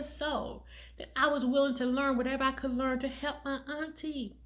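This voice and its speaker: A woman's voice: high-pitched, little pitch movement, normal speed, fairly bright tone. A middle-aged woman talking earnestly to viewers as a caregiver and awareness speaker, repeating phrases for emphasis. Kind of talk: heartfelt personal talk to viewers.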